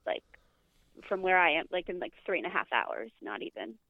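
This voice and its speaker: A woman's voice: on the low side, sing-song, moderate pace, creaky, no room sound. A woman guest chatting casually on a podcast, talking in loose bursts with many fillers and restarts. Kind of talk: casual chat. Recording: tinny phone-line audio.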